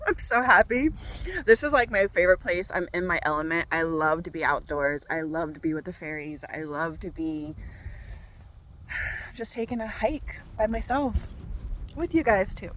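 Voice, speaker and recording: A woman's voice: on the low side, moderate pace, a bit bright, slight background noise, poor audio. A woman tarot reader talking to her viewers outdoors on a walk, bubbly and gushing. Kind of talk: tarot reading vlog outdoors. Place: outdoors on a walk by a golf course.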